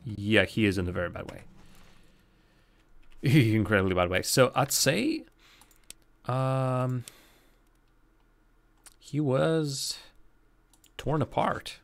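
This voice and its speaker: A man's voice: medium pitch, animated, slow pace, creaky, pauses often. A man streaming a game live, chatting casually with viewers and thinking aloud as he plays. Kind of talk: live gameplay commentary.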